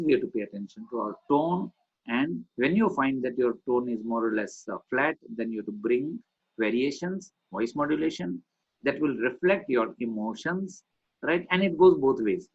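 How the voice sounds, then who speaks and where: Animated male trainer on a lo-fi call. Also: a little high, slightly rough. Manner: animated, demonstrates voice modulation with swings from whisper to loud. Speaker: communication trainer. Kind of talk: online training session. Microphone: video call.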